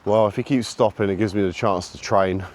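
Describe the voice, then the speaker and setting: A man talking casually while he walks his dog outdoors, calling out to it in a high sing-song voice between remarks on training, recorded on a camera he carries. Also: steady tone, fairly quick, a little mellow, slight background noise. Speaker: dog owner and trainer filming a walk. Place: outdoors on a countryside walk. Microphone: camera carried while walking.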